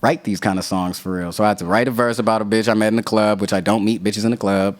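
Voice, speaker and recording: Male rapper guest, deep-ish voice, rambling profane storyteller. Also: fast. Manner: profane, animated storyteller acting out quotes. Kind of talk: casual storytelling interview.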